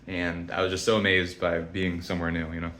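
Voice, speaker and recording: A man's voice: sits low, flat delivery, brisk, a bit bright. A young man telling a story to camera in a rambling, blunt, profane way with many restarts. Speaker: vlogger. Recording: echoey room.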